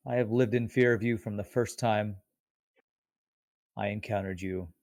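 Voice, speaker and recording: Brief: a man as a worn-down hero making his stand, earnest and low, on dry close audio. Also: fairly even intonation, measured pace, a little mellow, no room sound. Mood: weary, resolute. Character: weary adult male fighter, worn out by fear, defiant.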